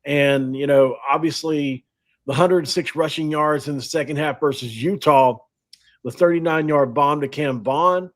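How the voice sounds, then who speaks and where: A man's voice: fairly high pitch, unhurried. A man hosting a sports podcast, talking casually and in a rambling, self-deprecating way with frequent laughs. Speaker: podcast host.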